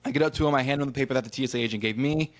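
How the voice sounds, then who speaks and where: A man from Ohio, co-hosting a podcast, tells a rambling travel story in casual chat, acting out the exchanges of the people in it and swearing a bit along the way. His voice is medium-pitched and rapid-fire.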